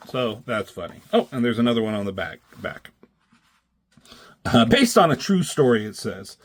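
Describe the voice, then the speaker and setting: Guy rambling through comic strips, swears a lot, does the characters' voices, mid pitch, dead dry mic. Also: dry recording. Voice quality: swears freely, filler-heavy rambling. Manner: acts out characters' lines in raised voices. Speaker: comic book reviewer. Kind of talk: casual chat reading comic strips aloud.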